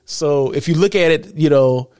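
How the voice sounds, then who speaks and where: A man's voice: on the high side, normal speed, mellow, dry recording, clean studio sound. A man from the United States hosting a live show and podcast. He talks casually and chattily, keeps asking "right?" and chuckles at his own jokes. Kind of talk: casual live-stream talk.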